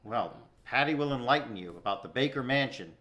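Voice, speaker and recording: A man's voice: medium pitch, expressive, brisk, sharp tone, highs cut off. A man hosting an interview, effusive and generous with praise for his guest. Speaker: show host.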